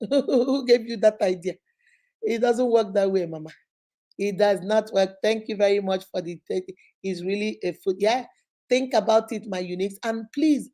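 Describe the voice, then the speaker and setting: A Nigerian woman in her fifties hosting a casual livestream advice talk. She is animated and scolding, and mixes in pidgin and Igbo phrases. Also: mid-range voice. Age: 50s. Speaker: host.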